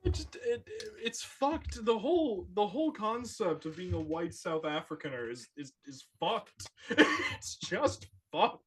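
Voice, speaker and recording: Man, co-host, profane ranting, podcast banter, higher voice, very lively pitch. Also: a little slow, slight background noise.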